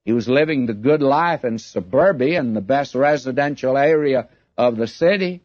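A man preaching a sermon in a slow, deliberate, emphatic way, reading scripture aloud. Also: medium pitch, lively intonation, no echo. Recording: dull lo-fi old recording.

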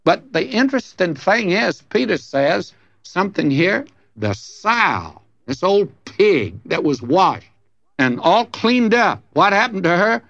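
Folksy storytelling preacher. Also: male voice, sits high, big pitch swings, takes it slowly, a bit bright, dry recording. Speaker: pastor. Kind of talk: sermon. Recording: dull, dry lo-fi recording.

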